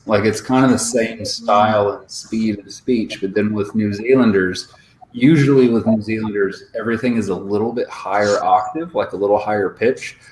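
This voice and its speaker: A man's voice: lowish voice, normal speed, a little mellow, a little hiss or hum. A man, chatting casually on a podcast in a rambling, profane way. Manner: rambling, filler-heavy, profane. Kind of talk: casual chat. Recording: roomy room with faint ambience.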